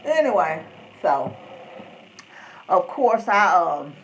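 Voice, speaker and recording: Middle-aged woman, live-stream host, rambles and jumps between subjects, animated pitch. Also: slow pace, muffled recording, a little hiss or hum. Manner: rambling, chatty, greets viewers by name. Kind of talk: casual chat.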